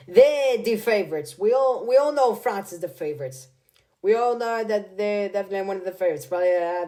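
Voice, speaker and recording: A man's voice: high-pitched, a little mellow. A young man giving casual football predictions in a slangy, rambling way, often repeating words and restarting his sentences. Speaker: football video creator.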